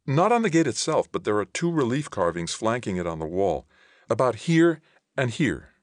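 A man's voice: mid-range voice, big pitch swings, normal speed, no room sound, studio quality, voice pushed up, lightly acted. A man reading aloud voices a young woman informant, raising his voice for her eager, matter-of-fact explanations. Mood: explaining. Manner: raised, lighter voice.

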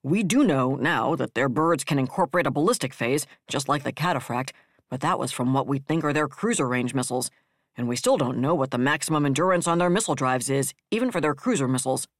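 A man's voice: medium pitch, lively intonation, quick pace, a bit bright, no echo, clean studio sound, close to an everyday voice. The narrator voicing a worried male operations officer briefing his admiral aboard a warship, in a sci-fi audiobook. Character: tense male starship ops officer.

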